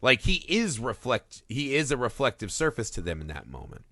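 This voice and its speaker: A man co-hosting a casual film podcast, talking in an animated way, swearing freely and laughing as he acts out scenes. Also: mid-range voice, moderate pace, dry recording. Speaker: podcast co-host.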